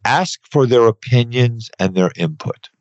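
A man's voice: medium pitch, expressive, a little slow, no room sound. A man in his fifties hosting an advice podcast, talking earnestly and emphatically and repeating points with "okay". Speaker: podcast host, accountant. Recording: dry, slightly dull podcast audio.

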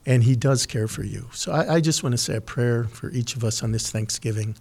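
A man giving an earnest devotional talk and prayer, speaking slowly and emphatically with pauses, at times emotional. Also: medium pitch, creaky, a little mellow, breathy edge. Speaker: podcast host giving a devotional.

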